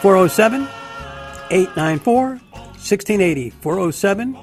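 A man's voice: high-pitched, lively intonation, measured pace. Upbeat man announcing over music. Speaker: radio show host. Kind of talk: announcing phone number.

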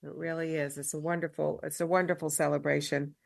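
A woman's voice: deep voice, flat delivery, a little fast, gravelly, dry recording, studio quality. A woman hosting a radio talk show, chatting with a guest and signing off. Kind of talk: casual radio interview.

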